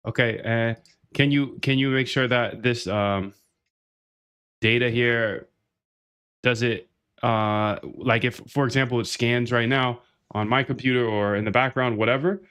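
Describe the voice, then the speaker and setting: While coding live on stream, a man chats loosely and casually, repeating his own phrases and calling the listener "dude." His clear, resonant voice is medium in pitch, fairly even and bright, and a little slow.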